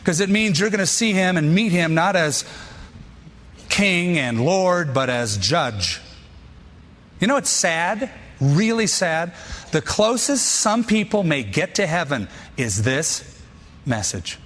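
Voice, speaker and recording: A man preaching a sermon in short, punchy bursts that he often repeats for emphasis. His voice sits a bit high for a man. Long reverb trails off each phrase, like a large hall. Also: very animated, takes it slowly, fairly bright tone. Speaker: pastor.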